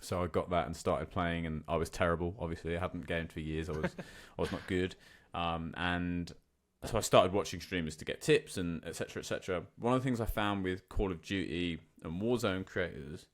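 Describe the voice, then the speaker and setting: A man's voice: sits low, a little fast, few pauses. A man hosting a podcast, asking thoughtful, hesitant questions with many fillers. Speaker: podcast host. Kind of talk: casual interview.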